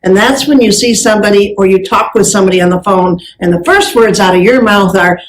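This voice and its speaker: A woman speaks fairly quickly with few pauses in a medium-pitched voice, on poor audio. A business speaker giving a live motivational talk on stage, she tells anecdotes with energy and acts out the dialogue.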